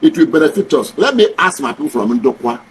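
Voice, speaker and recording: A man's voice: fairly high pitch, animated, quick pace, slight background noise, poor audio. A man with a Nigerian accent, talking straight to camera, mixing Pidgin and English and preaching with rhetorical questions. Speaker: vlogger. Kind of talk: direct-to-camera opinion talk.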